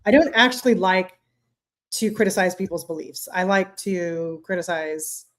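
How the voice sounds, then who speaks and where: Woman, podcast co-host, casual chat, blunt and profane, slips into quick voices for the people she retells. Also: lowish voice, fairly even intonation.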